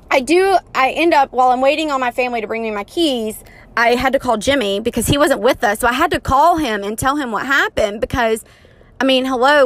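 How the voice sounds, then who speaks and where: A woman in her thirties telling an embarrassing story in a casual, chatty way, often poking fun at herself. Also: fairly high pitch. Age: 30s. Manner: chatty, self-mocking, animated retelling.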